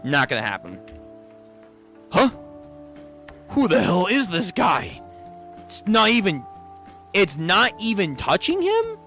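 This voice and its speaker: A man giving casual reaction commentary on a manga read-through, animated and exclaiming in disbelief, with frequent swearing. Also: high-pitched, slow pace, pauses often, faint music behind.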